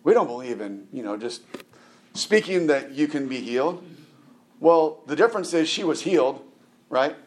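A middle-aged man preaching a conversational sermon. He keeps checking in with the congregation, restarts and repeats words, and jumps up in pitch for emphasis. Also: animated, moderate pace, a little hiss or hum.

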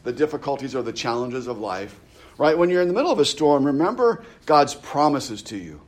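A pastor delivers a casual, conversational sermon, frequently checking in with listeners through "right?" asides and often restarting his phrases. His medium-pitched voice is very animated and a little fast.

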